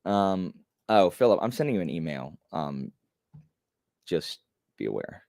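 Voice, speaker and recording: A man's voice: deep voice, very animated, unhurried, vocal fry, a little mellow, no room sound, studio quality. A young man chatting casually on a live stream, rambling and self-deprecating with many fillers.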